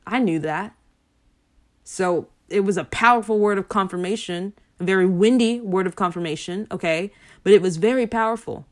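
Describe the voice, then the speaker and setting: In a relaxed talk about faith, a female minister meanders through stories with plenty of filler words, at times growing emphatic and sermon-like. She speaks in a mid-range voice at a moderate pace.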